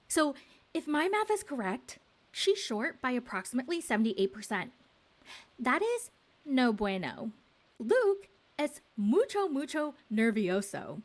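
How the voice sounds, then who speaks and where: A woman's voice: high-pitched, sing-song, a little slow. A woman giving a sarcastic, gossipy recap of a TV show for a YouTube video.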